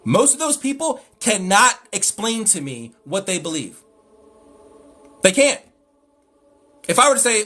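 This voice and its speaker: A man's voice: high voice, big pitch swings, a little slow, long pauses, pushed and bright. A man hosting a live stream, lecturing emphatically and with exasperation as he answers chat.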